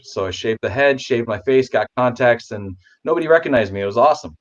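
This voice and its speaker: A man who is a guest on a casual video chat, rambling with restarts, talking warmly about his pets. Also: medium pitch, fairly quick, highs cut off.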